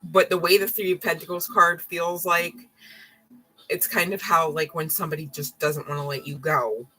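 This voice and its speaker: A woman's voice: fairly low pitch, fairly even intonation, normal speed, pushed and bright, low-quality recording. A woman reading tarot on a live stream, rambling and frank, swearing and apologizing often. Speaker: tarot reader.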